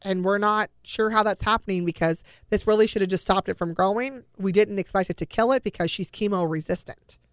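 A woman's voice: medium pitch, a little fast, few pauses, dry recording, clean studio sound. A middle-aged woman telling her own family story in a personal, emotional way, acting out the dialogue she quotes.

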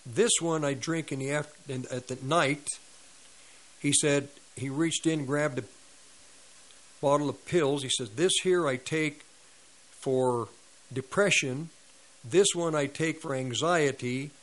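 A man's voice: a little high, takes it slowly, pauses often, low-quality recording. A man preaching on a radio ministry, retelling a story with quoted dialogue and sound effects. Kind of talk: sermon storytelling.

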